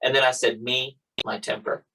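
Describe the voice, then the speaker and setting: A man's voice: medium pitch, moderate pace, vocal fry, slight background noise, low-quality recording. A man hosting a podcast, chatting casually and acting out quoted exchanges as he tells stories. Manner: animated storyteller, acts out quotes. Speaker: podcast host. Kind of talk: casual chat.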